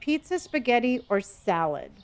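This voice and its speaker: Middle-aged lady streamer, kinda high voice, playful and chatty with chat. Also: sing-song, moderate pace, darkish tone, clean tone. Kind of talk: casual live-stream chat with viewers.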